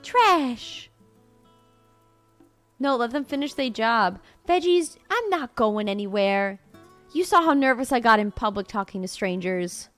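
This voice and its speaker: A woman's voice: a little high, animated, moderate pace, fairly bright tone, soft background music. A young woman from Florida chatting casually on a live stream, playful, laughing often and swearing freely.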